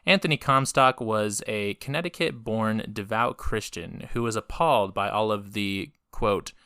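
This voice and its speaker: A man's voice: lowish voice, unhurried, bright, forceful tone, smooth, dry recording, clean studio sound. A man co-hosting a podcast in casual chat, laid-back, swearing freely and laughing often. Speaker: podcast co-host.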